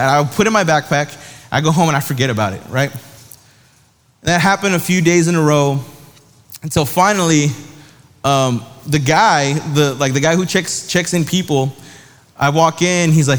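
A young man preaches to students with a slightly high voice. He talks like he is telling a story to friends, full of slang, and acts out the other people's voices. His voice rings with a long reverb, as in a large hall. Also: lively intonation, normal speed, a bit bright. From South Dakota. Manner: casual storytelling with slang, acting out voices in anecdotes. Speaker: youth pastor. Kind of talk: sermon.

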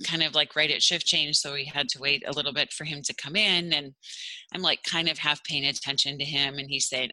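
A woman's voice: low-pitched, fairly even intonation, normal speed, sharp tone, dry recording, rough recording. A woman, telling a personal story in a rambling casual way, full of "like" and acted-out quotes. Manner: rambling, many fillers and "like"s, acts out quoted voices.

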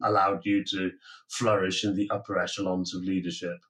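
A man's voice: low-pitched, little pitch movement, moderate pace, a bit bright, low-quality recording. A middle-aged man from Manchester with a faint Manchester accent, hosting a podcast and asking long, rambling, chatty questions. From Manchester, England. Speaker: podcast host. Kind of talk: conversational podcast interview.

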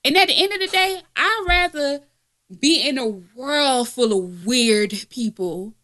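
A woman's voice: sits high, unhurried, bright, forceful tone. A woman co-hosting a podcast in casual chat, blunt and profane, laughing often. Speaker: podcast co-host.

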